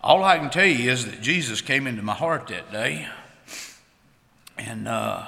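A man giving an earnest, plain-spoken church testimony, halting now and then. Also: mid-range voice, animated, gravelly, bright, forceful tone. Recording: long hall reverb.

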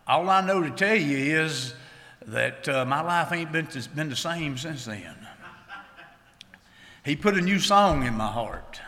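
A man giving an earnest, plain-spoken church testimony, halting now and then. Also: medium pitch, vocal fry, pushed and bright. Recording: long hall reverb.

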